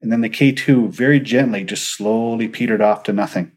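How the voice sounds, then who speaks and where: Man, fairly low voice, earnest storyteller, paranormal investigator guest, quotes dialogue. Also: fairly quick, poor audio. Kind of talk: recounting stories in an interview.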